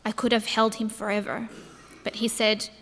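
Her voice is mid-range, natural and fairly bright, keeping a steady pitch and normal pace as she speaks. In an echoey church hall, she takes the role of Mary Magdalene, the grieving and then overjoyed disciple, earnestly narrating a personal account with tearful awe.

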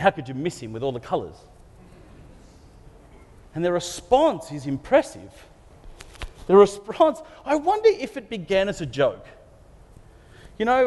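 A man's voice: high-pitched, darkish tone. A man preaching a sermon, retelling a story with playful asides. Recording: long hall reverb.

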